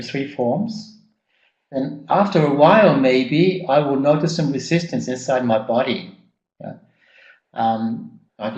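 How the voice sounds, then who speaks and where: A man's voice: mid-range voice, a little mellow, lo-fi sound. Male seminar trainer, mid-range voice, hesitant and repetitive, recorded live in a reverberant room. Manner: halting, repeats words, many ums. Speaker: personal growth trainer. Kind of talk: live workshop teaching. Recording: echoey room.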